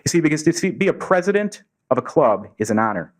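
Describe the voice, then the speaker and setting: A man's voice: on the high side, big pitch swings, fast talker. Earnest man telling a story at a podium. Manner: earnest, acts out quoted dialogue. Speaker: Rotary district governor giving a speech. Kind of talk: storytelling speech to a club audience. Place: meeting room, before a live audience.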